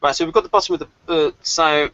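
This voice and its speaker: A man hosting a casual online group discussion, talking in a lively, animated way and laughing often. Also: on the high side, fast talker, a little hiss or hum. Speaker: discussion host. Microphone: video call. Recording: dull lo-fi call audio.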